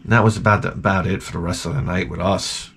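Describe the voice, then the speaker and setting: A man hosting a video, telling a rambling, profane story full of restarts and acting out quoted people in a higher voice. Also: steady tone, fast, creaky, fairly bright tone, a little hiss or hum. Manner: jumps up in pitch to act out quoted people. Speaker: video host. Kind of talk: casual rambling anecdote.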